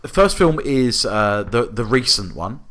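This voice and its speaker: A man's voice: medium pitch, very animated, unhurried, a bit bright. A man co-hosting a casual film chat, making dry asides and hesitating with frequent fillers. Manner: dry, wry asides, hesitant with many uhs. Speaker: podcast co-host.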